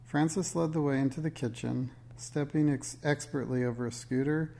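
A man reading a children's book aloud in a steady, measured storytelling way. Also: a little high, gravelly. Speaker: narrator.

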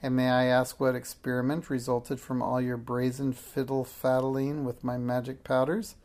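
A man's voice: mid-range voice, flat delivery, moderate pace, a little mellow, natural voice. A man reading a storybook aloud and voicing a cruel, sneering old witch who shrieks and scolds. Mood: shrieking, sneering.

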